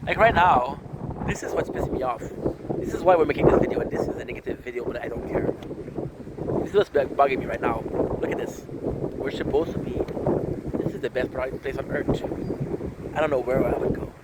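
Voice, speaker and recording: Male vlogger, rambling and frustrated, talking to camera outdoors with loud wind and boat noise behind him. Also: mid-range voice, a little fast, pauses often. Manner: frustrated, searching, repeats himself. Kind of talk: rambling vlog monologue to camera.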